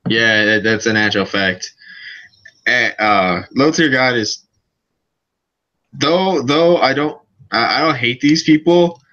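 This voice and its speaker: A man co-hosting a casual podcast, halting and repeating words as he talks. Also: medium pitch, bright, forceful tone, highs cut off. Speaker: podcast co-host. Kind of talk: casual drunk podcast chat.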